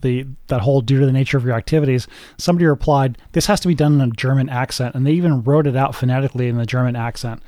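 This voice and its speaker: A man hosting a talk podcast, with a warm, mellow tone. He speaks in a measured way and drops deadpan jokes. The mic is close and dry. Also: medium pitch, dry recording. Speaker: podcast host. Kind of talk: casual chat.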